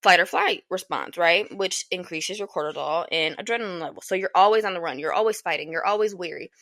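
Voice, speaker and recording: A woman's voice: lowish voice, fast, a bit bright, dry recording. A young woman hosting a podcast, giving casual advice in a blunt, emphatic way, swearing freely and repeating lines for emphasis. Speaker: podcast host.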